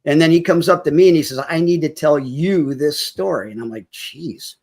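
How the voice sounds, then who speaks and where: A man with a somewhat high-pitched voice talks as a podcast guest. He tells a personal story with feeling and slips into the voices of the people in it. At moments he comes close to tears. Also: brisk, a little mellow. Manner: vivid storyteller who acts out quoted dialogue.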